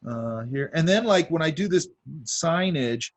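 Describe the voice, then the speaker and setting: A man's voice: a little high, lively intonation, measured pace. Chill guy teaching drawing, rambles as he sketches, lots of um and you know. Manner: talks while drawing, many fillers and asides. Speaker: art instructor. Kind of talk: casual drawing demonstration.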